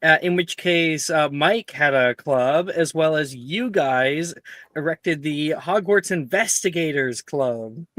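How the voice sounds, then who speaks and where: A man running a tabletop role-play game as host and game master, recapping the last session in an unhurried way with plenty of fillers. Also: a little high, fairly bright tone, no echo.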